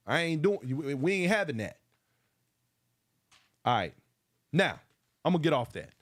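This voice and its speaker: A man of about fifty hosting a casual livestream, fired up and preachy, calling out viewers by name. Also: sits high. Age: around 50. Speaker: livestream host.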